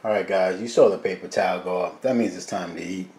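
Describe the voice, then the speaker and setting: A man hosting a casual cooking video, chatting to his viewers as "guys", quiet and mumbling while he cooks and louder when he turns to the camera. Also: deep voice, fairly even intonation, fast. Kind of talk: casual cooking vlog chat.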